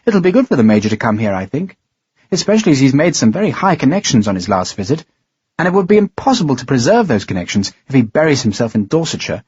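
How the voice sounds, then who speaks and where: A man's voice: medium pitch, sing-song, a little mellow, breathy edge, dry recording, muffled recording. A male narrator voicing a poised woman who speaks politely but coolly. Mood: aloof. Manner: measured, polite, aloof. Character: woman, cool, poised and dismissive.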